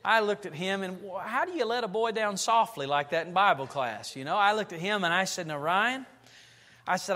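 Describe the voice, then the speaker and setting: A pastor preaching a sermon in a church, telling stories and building to loud, emphatic passages. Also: male voice, high-pitched, expressive, normal speed. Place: church sanctuary. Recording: long reverb of a church hall.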